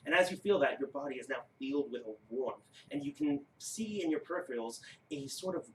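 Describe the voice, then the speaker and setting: A man narrating as game master of a tabletop game, unhurried and halting. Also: medium pitch, animated. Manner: unhurried, with frequent uh fillers. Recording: roomy, distant mic with faint noise.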